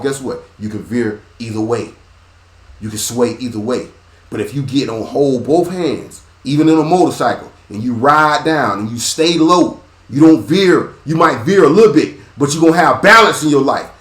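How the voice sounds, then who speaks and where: Sermon-like man in an echoey room. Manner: sermon-like, swings from low and quiet to loud and high; repetitive, rhythmic phrasing. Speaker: podcast host. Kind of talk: preachy sports commentary monologue.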